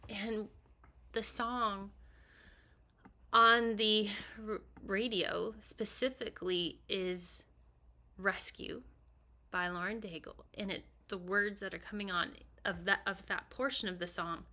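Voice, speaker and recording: A middle-aged woman telling an emotional personal story in an earnest, halting way, sometimes dropping to a near whisper. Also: mid-range voice, bright, forceful tone. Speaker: vlogger recounting her husband's death.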